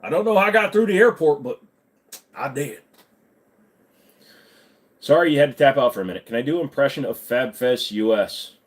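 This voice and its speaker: A man's voice: mid-range voice, animated, normal speed, pauses often. A man hosting a casual live-stream Q&A, joking around and swearing freely while he answers chat. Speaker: livestream host.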